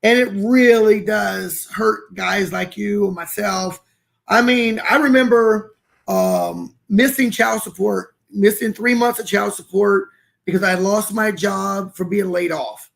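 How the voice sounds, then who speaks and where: Man, podcast co-host, earnest, gravelly, high pitched. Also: lively intonation, measured pace, a bit bright. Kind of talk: casual podcast chat.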